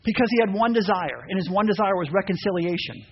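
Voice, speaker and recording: A man preaching a sermon, animated, acting out voices and reading scripture aloud. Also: high voice, fast talker. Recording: dull muffled sound with faint noise.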